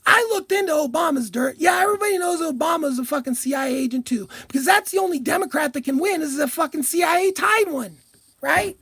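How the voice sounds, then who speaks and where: Woman vlogger, very high-pitched, heated profane rant, dry close sound. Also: lively intonation, fast talker, dry recording. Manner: profane, heated, shouting at times. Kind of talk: angry political rant.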